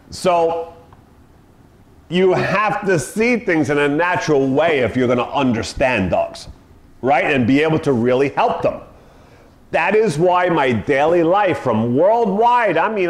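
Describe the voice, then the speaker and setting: A man's voice: on the high side, echoey room. A middle-aged man, a dog trainer, talking emphatically and acting out owners' commands, often asking "right?". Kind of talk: animated monologue.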